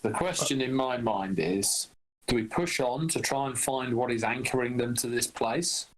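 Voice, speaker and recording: A man playing a tabletop role-playing game who reasons through the situation deliberately. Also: medium pitch, rough recording. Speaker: player. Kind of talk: tabletop role-play chat.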